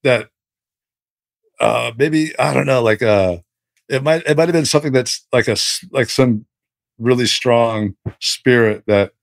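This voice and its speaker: A man as a podcast guest telling a story casually, animated and rambling with many restarts. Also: medium pitch, a little slow, gravelly, no room sound.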